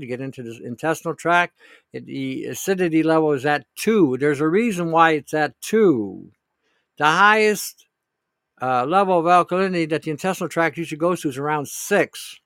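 Man, host monologue, blunt and rambling, fairly high voice, dry close sound. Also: expressive, fairly quick, a bit bright, clear, resonant tone, no room sound. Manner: blunt, rambling, emphatic with profanity. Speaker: podcast host answering listener questions. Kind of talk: casual opinionated monologue.

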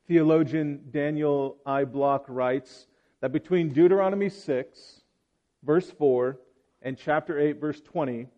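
A man gives a sermon in a church hall, reading scripture and then talking in a relaxed, conversational way. His voice sits a bit high for a man. The recording is dull and lo-fi. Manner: relaxed, conversational, joking aside. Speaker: preacher.

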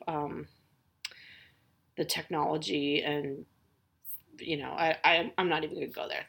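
Gravelly-voiced woman in her forties chatting. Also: fairly low pitch. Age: 40s. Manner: rambling, candid, with many restarts and fillers. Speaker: podcast host. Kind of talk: casual personal monologue.

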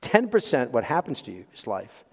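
A man preaching a sermon as pastor, swinging from loud emphasis to hushed asides and chuckling at his own jokes. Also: mid-range voice, very animated, moderate pace. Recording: long hall reverb.

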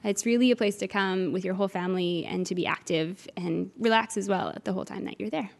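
A woman's voice: mid-range voice, fast talker, vocal fry. A middle-aged woman from Newfoundland, an interview guest who organizes cooking classes, talking in an eager, chatty way with frequent uhs. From Newfoundland, Canada. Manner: enthusiastic, warm, chatty with filler uhs. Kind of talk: conversational interview answers.

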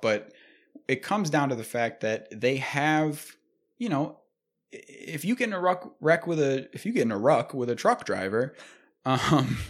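A young man telling a comedic story and ranting, profane and animated, often laughing. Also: mid-range voice.

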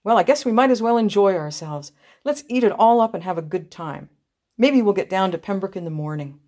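A woman's voice: medium pitch, expressive, fairly quick, a little mellow, natural voice. A woman reading aloud, voicing a kindly, practical older aunt who speaks firmly and reassuringly. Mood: cheerful. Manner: firm, reassuring.

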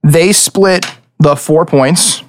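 A man running a tabletop game as game master, describing scenes with frequent pauses and restarts. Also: on the high side, slight background noise. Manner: hesitant, with many restarts while describing scenes.

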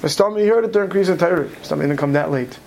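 A man leads a study lecture, speaking quickly and often pausing to check in with his listeners. His voice sits fairly high. A light hiss runs under the recording. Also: creaky, a little mellow. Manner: quick, mixes Hebrew terms into English, many "right?" checks. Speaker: Torah teacher.

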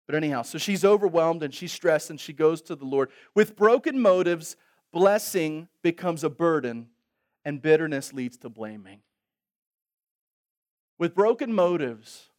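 A male pastor preaching a sermon with humor, moving between loud exhortation and quiet, reflective asides. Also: fairly high pitch, animated, unhurried, pauses often.

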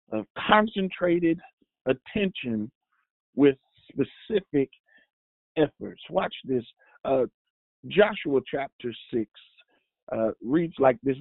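Male host-preacher, unhurried, gravelly, stop-start delivery, repeated refrain, dry phone-quality sound. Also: fairly high pitch, no echo. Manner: halting, repetitive, with many restarts and fillers; drives points home with a repeated refrain. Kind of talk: devotional sermon.

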